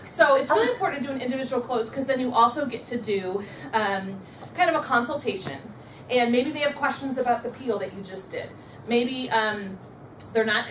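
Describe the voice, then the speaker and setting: A brisk, upbeat woman running a motivational sales training and getting the room to repeat affirmations after her. Her voice sits a little high. She is recorded from a distance in a roomy, echoey space. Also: a bit bright, slight background noise. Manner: upbeat, coaching, leads the audience in repeating affirmations. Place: meeting room with a live audience.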